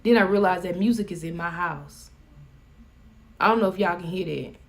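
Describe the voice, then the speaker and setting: A woman's voice: lowish voice, normal speed. A woman with a Southern US accent chatting casually on a live stream, folksy and joking. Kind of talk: casual chat.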